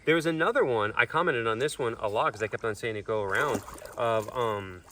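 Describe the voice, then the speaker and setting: A man's voice: mid-range voice, a little fast, sharp tone, recorded from a distance, slight background noise. Exasperated man ranting, a bit off-mic. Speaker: host. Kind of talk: casual chat.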